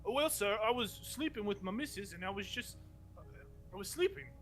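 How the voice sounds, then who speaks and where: Meek leather-armored guard, a man puts him on: hesitant, deferential, pitched higher. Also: lively intonation, a little fast, fairly bright tone, soft background music. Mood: nervous.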